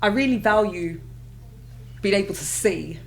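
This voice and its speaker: A woman in her thirties, an interview guest telling her own story in a candid, conversational way, breaking into high excited exclamations as she recalls moments. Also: measured pace, vocal fry, poor audio. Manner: animated, bursts into high excited exclamations and laughter when retelling moments.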